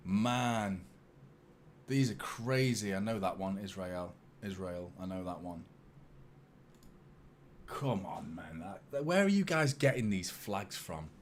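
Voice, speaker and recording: A man's voice: low-pitched, lively intonation, takes it slowly, long pauses, a little hiss or hum. A young man hosting a fan live stream, chatting casually with viewers, swearing freely and mocking himself. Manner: casual, swears a lot, self-mocking banter with chat. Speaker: fan channel host. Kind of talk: live-stream watchalong chat.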